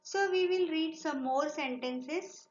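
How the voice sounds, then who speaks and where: An Indian English woman, a Marathi speaker, teaches children in a slow, encouraging classroom manner and reads sentences aloud for them to repeat. Her voice sits a little high. The recording is roomy and lo-fi with a faint hiss. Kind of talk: online classroom lesson for children.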